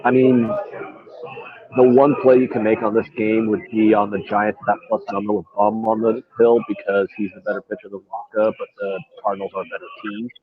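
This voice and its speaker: A man co-hosting a casual betting podcast, talking through his picks in a relaxed, agreeable way. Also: lowish voice, fairly quick, crowd noise. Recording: dull lo-fi audio, TV on behind. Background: a baseball game on TV.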